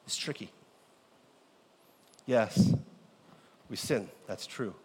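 A pastor preaching a sermon in a lively, joking way, firing rhetorical questions at his church. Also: on the low side, extremely slow, husky. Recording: echoey hall.

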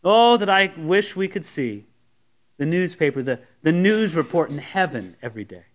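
Standing before a congregation at a church service, a pastor delivers an expository sermon in a slightly high, animated voice at a moderate pace. He keeps it conversational and plays out the objections listeners might make.

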